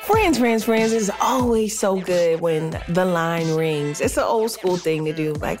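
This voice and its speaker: A woman's voice: lowish voice, measured pace, few pauses, over music. A woman hosting a podcast, gushing and playful in casual chat with a guest. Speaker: podcast host.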